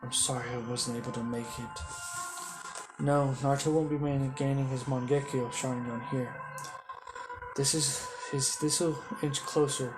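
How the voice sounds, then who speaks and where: A man's voice: mid-range voice, steady tone, moderate pace, poor audio. Rambling man narrating a fan story. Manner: rambling, self-correcting, chains lines with "he goes". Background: music.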